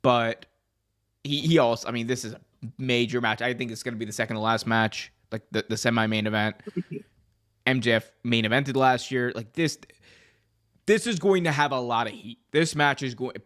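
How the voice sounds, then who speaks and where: A man's voice: mid-range voice, normal speed, fairly bright tone. A young man hosting a podcast, chatting casually and building hype with jokes and enthusiasm. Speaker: podcast host. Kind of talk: casual wrestling podcast chat.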